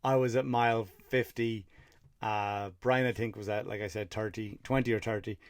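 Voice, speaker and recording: A man's voice: fairly low pitch, fairly even intonation, normal speed, no echo. An Irish man who hosts a comedy podcast, telling a rambling story with profanity and fired-up rants. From Ireland. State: tired after running 50 miles (story).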